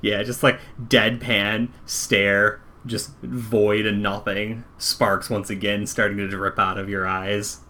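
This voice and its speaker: A man running a tabletop game as game master, narrating in a relaxed, rambling way. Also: lowish voice, takes it slowly, hardly any pauses. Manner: relaxed, rambling wrap-up with fillers.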